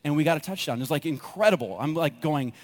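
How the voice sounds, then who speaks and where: Guy pastor preaching, kinda high voice, gets really into his stories and acts out what he said. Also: fast talker. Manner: animated storytelling, acts out his own reactions. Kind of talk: sermon with personal stories.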